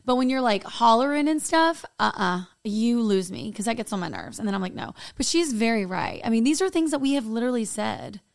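A woman co-hosting a podcast, blunt and quick to react, laughing often in casual chat. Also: a little high, very animated, vocal fry, dry recording. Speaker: podcast co-host.

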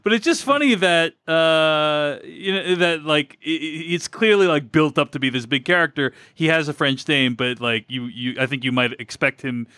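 A man's voice: fairly high pitch, moderate pace, hardly any pauses, bright, forceful tone, smooth, dry recording, clean studio sound. Chatty man rambling through a film review. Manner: rambling, many fillers and restarts. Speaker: podcast co-host. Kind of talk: casual film review chat.

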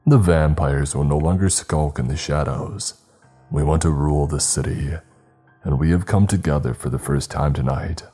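A man voicing a vengeful vampire lord in a horror story reading, with slow, cold, menacing delivery. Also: extremely low pitch, warm tone, husky.

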